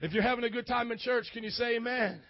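A man with a very high voice preaches a sermon, calling on the congregation to answer back and building into shouts. The sound is dry and close, with a dull, muffled top end. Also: fairly even intonation, fast talker, no room sound. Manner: preaching with call-and-response, swelling to shouts. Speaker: pastor. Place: church.

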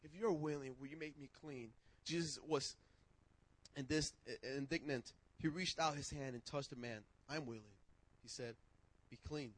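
A man preaching a sermon and telling testimony stories in casual slang, getting excited and shouting as he goes. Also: mid-range voice, low-quality recording. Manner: excitable, shouts when worked up; casual street slang, restarts.

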